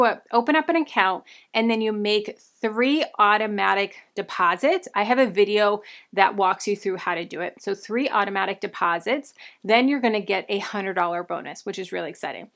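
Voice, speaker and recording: Young woman, bit out of breath, upbeat casual money tips, middle pitch. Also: bright, forceful tone. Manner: upbeat, friendly, enthusiastic recommendations. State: a little out of breath from pregnancy. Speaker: personal finance vlogger. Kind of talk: casual advice talk to camera.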